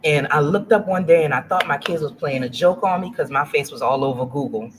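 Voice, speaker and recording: With a deep voice and a fairly quick pace, a middle-aged woman from Louisiana shares her business story as a casual interview guest. She's lively, laughs frequently, and performs quotes, though the livestream audio is noisy.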